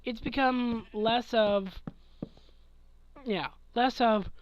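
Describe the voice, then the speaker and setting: A man's voice: extremely high pitch, fairly even intonation, very slow, lo-fi sound. A man in his twenties chatting casually late at night, sleepy and yawning, rambling with chuckles and trailing thoughts. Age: 20s. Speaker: gaming channel host answering questions.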